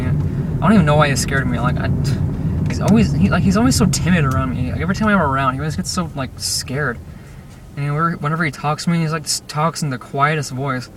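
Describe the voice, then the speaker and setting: Young man, rambling car vlog, distant mic, road noise underneath. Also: fairly high pitch. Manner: rambling, restless, fillers and self-interruptions. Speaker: vlogger. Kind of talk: casual vlog while driving. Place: car in traffic.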